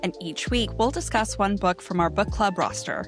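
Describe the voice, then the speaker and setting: A woman's voice: medium pitch, animated, normal speed, music in the background. A woman co-hosting a book podcast in casual chat, easygoing and laughing often. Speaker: podcast co-host.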